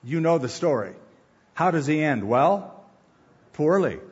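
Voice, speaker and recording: Husky-voiced male preacher teaching scripture. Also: fairly high pitch, sing-song, unhurried, highs cut off. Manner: emphatic, lists points, acts out quotes. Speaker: pastor. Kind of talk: sermon, Bible teaching.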